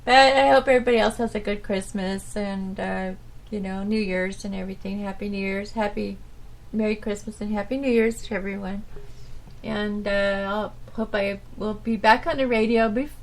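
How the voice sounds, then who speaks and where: A woman hosting her own internet radio show, talking in a halting, rambling, subdued way with nervous little laughs. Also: medium pitch, fairly even intonation. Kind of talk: casual rambling monologue.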